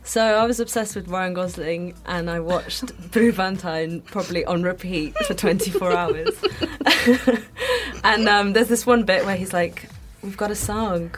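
A woman's voice: lowish voice, measured pace, over music. A woman co-hosting a radio show, telling a story in casual chat and laughing often as she talks. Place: radio studio.

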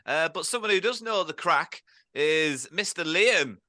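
A man's voice: a little high, expressive, unhurried, pushed and bright, dry recording, clean studio sound. A man hosting a casual football podcast, teasing his co-hosts with jokey banter. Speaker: podcast host.

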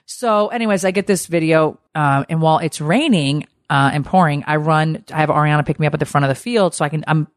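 A woman co-hosting a podcast, telling a story in a casual, animated way and swearing freely. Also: sits low, fairly quick, few pauses, no echo, clean studio sound. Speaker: podcast co-host.

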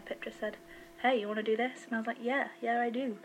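An upbeat woman answers an interview question with very little pitch movement. Faint background noise sits under her voice. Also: flat delivery, fast, rough recording. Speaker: audio drama voice actor.

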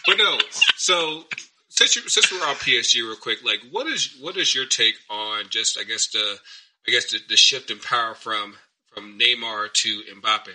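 A man's voice: medium pitch, normal speed, sharp tone, low-quality recording. A man in casual chat who laughs often and asks long, rambling questions.

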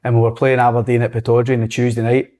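A middle-aged Scottish man, a former footballer, telling lively dressing-room stories in casual chat. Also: mid-range voice, very fast. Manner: lively storyteller, acts out quotes.

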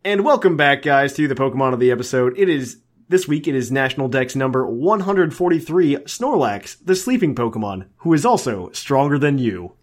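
A man co-hosting a casual podcast, who rambles eagerly and fills his speech with ums and uhs. His voice sits in an ordinary middle pitch. He keeps a loose, chatty flow. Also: big pitch swings, brisk, few pauses. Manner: enthusiastic, rambling with many fillers. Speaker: podcast co-host. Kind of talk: casual chat.

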